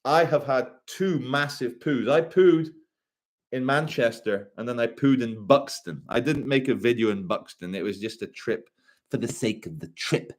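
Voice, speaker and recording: A man on a casual livestream reading chat aloud, rambling and swearing with quick asides. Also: medium pitch.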